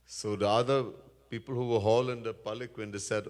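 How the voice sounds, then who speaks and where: A man's voice: lowish voice, fairly even intonation, brisk, a little mellow. A man preaching as a swami, telling a scripture story earnestly and chanting verses, recorded in a Hindu temple. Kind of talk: sermon storytelling. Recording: echoey temple hall.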